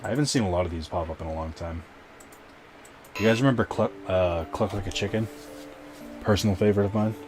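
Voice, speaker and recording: A man's voice: low-pitched, brisk, pauses often, over music. A man streaming a game and chatting with viewers in a rambling, casual way, full of fillers and restarts. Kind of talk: casual live-stream chat while gaming.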